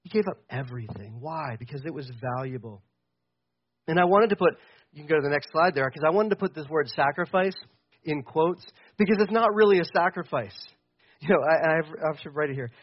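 A young man preaching a sermon from a church stage in a casual, animated way. He swings between loud and quiet and acts out voices in quotes. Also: a little high, fairly quick, breathy edge, highs cut off. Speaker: pastor.

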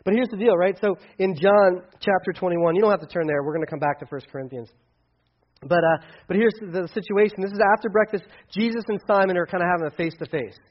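Male pastor, slightly high voice, casual sermon, animated dialogue, lo-fi. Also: fast talker. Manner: conversational, acts out dialogue with big swings in pitch and loudness.

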